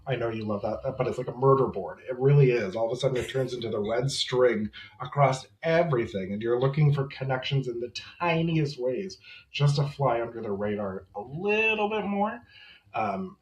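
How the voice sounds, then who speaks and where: A man in his thirties, a guest on a podcast, telling his own story in a reflective, candid way with small laughs. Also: lowish voice. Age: 30s. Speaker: podcast guest, memoir author. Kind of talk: personal storytelling in conversation. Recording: roomy echo.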